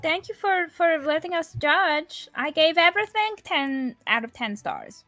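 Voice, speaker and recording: A playful, giggly woman player at a tabletop game. Her voice is high and bright and sounds dry and close, with faint music underneath. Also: animated, measured pace, dry recording. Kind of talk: casual play at a tabletop game.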